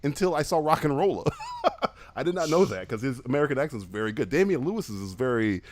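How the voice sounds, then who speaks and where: A man's voice: mid-range voice, big pitch swings, quick pace, a little mellow, a little hiss or hum. A man hosting a podcast in casual chat, joking and laughing often. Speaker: podcast host.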